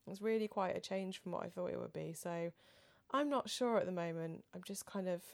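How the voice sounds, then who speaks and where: Woman podcast host, lowish voice, rambly casual chat. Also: brisk, gravelly. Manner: thoughtful, rambling, trails off quietly. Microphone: studio microphone.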